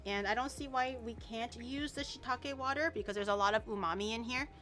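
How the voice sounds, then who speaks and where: Young woman streamer, bright higher voice, chatty, talks through recipes while cooking. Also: a little fast, soft background music. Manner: chatty, explains steps, swears casually. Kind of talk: casual cooking stream chat.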